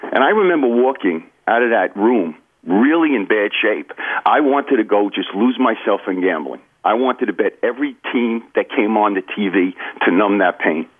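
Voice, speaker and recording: A man's voice: lowish voice, animated, normal speed, few pauses. A man, telling his recovery story in an earnest, confiding way during a radio interview. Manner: earnest, confiding, addresses host by name. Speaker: author and recovery guest. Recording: phone-line audio.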